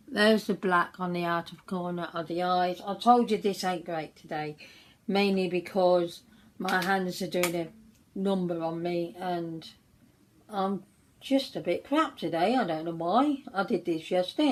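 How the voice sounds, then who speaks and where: A woman's voice: fairly low pitch, unhurried, rough recording. A woman chatting casually while doing her makeup, telling a story in a rambling way with many restarts. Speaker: beauty vlogger.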